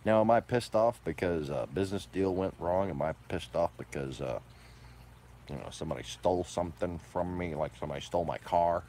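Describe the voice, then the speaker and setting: A man delivering a profane, combative ranting monologue, moving between low mutters and loud outbursts. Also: brisk, a little hiss or hum.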